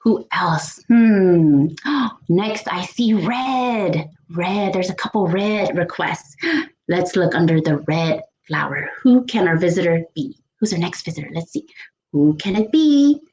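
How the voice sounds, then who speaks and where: A woman children's librarian leading a bilingual storytime, slow and playful, with gasps and animal sounds. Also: lowish voice, animated, darkish tone, reverberant, a little hiss or hum, low-quality recording.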